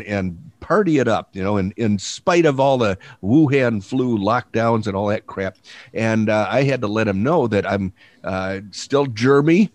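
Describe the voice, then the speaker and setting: A man hosting a casual podcast, his voice husky from a cold, rambling and wry with many fillers. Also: mid-range voice, dry recording. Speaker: podcast host.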